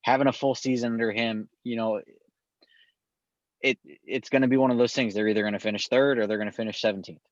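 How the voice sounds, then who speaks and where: A man at a middle pitch chats about sports in an easygoing way, dropping "you know" often. The recording is dry and somewhat muffled. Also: fairly even intonation, fast, dry recording. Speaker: podcast co-host. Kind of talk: casual sports chat.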